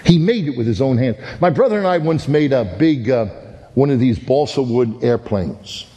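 Male preacher, warm tone, animated storyteller, heard in a reverberant hall. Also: mid-range voice, normal speed. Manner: animated storytelling, many repeated "and, and". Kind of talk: sermon with a story.

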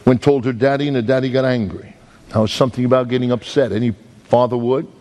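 A man's voice: mid-range voice, fairly even intonation, quick pace, a little mellow. A man preaching as an evangelist, telling a story in a folksy, emphatic way with many restarts and repeated words. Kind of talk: storytelling sermon.

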